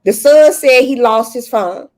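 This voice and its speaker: Podcast co-host, woman, Memphis Southern accent, slightly high voice, animated ranter. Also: unhurried. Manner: animated storytelling, ranting. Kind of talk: casual chat.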